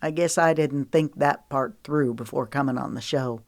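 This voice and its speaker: A woman narrator voicing an easygoing young man who talks in a soft, teasing way. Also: extremely low pitch, moderate pace, no echo, studio quality.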